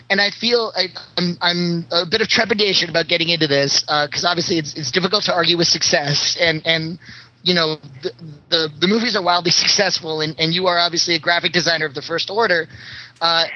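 Bright-voiced, hesitant podcast host. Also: mid-range voice. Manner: hesitant, many restarts, apologetic. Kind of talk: casual interview talk. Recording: dull lo-fi audio.

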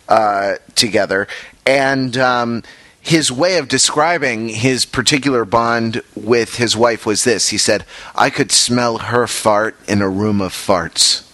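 A man's voice: medium pitch, a bit bright, no room sound. A man co-hosting a casual chat show, rambling through anecdotes and tangents. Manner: rambling storyteller, chatty. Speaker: podcast co-host.

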